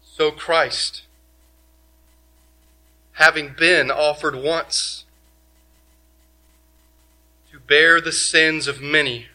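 A male pastor preaching a sermon, emphatic, asking many rhetorical questions and swinging from loud to quiet. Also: on the high side, fairly even intonation, drawn-out words, long pauses.

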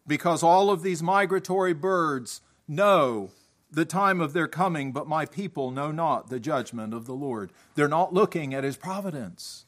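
A man preaching a sermon, reading scripture aloud with deliberate emphasis and reasoning with his listeners. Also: fairly high pitch, fairly bright tone.

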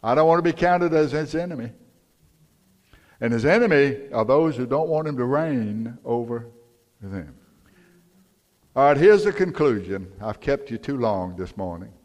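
Folksy older preacher in a reverberant church. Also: male voice, mid-range voice, lively intonation, normal speed, pauses often, darkish tone. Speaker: pastor. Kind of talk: sermon. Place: church sanctuary.

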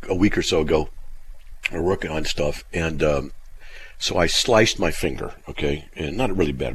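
A man's voice: sits low, gravelly, husky. A middle-aged man hosting a radio show, telling rambling stories and laughing often. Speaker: radio host. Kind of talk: casual radio talk.

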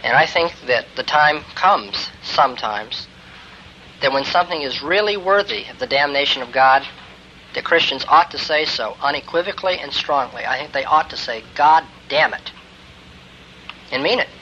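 A man giving a classroom lecture on Christian ethics, emphatic and building to forceful exclamations. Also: medium pitch, expressive, moderate pace. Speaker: theology lecturer. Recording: dull lo-fi lecture tape with faint hiss.

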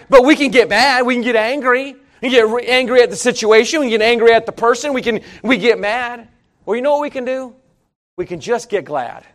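A middle-aged man preaching a sermon, telling folksy stories and talking straight to the congregation. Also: very high voice. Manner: folksy, storytelling preacher, addresses congregation directly. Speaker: pastor.

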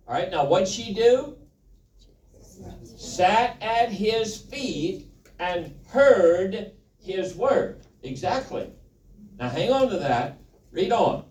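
Brief: male preacher teaching from the Bible, slow and folksy, heard from far off in a church hall. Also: sits high, very animated, darkish tone. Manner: folksy, joking, asks the congregation questions. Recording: roomy, from a distance.

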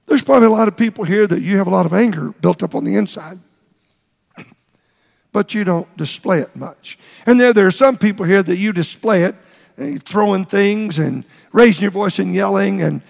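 Middle-aged male pastor, high gravelly voice, preaching a sermon, echoing through a long-reverb church hall. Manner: halting, repeats words, explains Greek terms. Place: church sanctuary.

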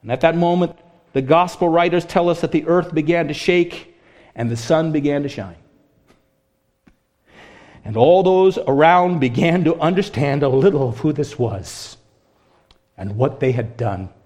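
A man preaching a sermon as pastor, impassioned, swinging between hushed, quiet passages and ringing, raised ones. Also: fairly high pitch, measured pace, pauses often.

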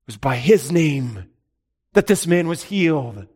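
A man preaching an expository sermon, reading scripture aloud and explaining it, rising to emphatic peaks and dropping low. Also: big pitch swings, measured pace. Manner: rises to emphatic peaks and drops to quiet; reads scripture in old-style wording, then explains.

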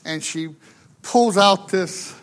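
A pastor from the United States spins a humorous story from the pulpit in a fairly high voice. He speaks slowly and in a folksy, chatty way. He keeps checking in with his listeners through tag questions. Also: fairly bright tone.

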